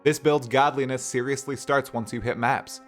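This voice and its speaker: Man, gaming channel host, mid-pitched voice, playful scripted commentary, faint music underneath. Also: fairly even intonation, a bit bright. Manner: playful, enthusiastic, quick explainer.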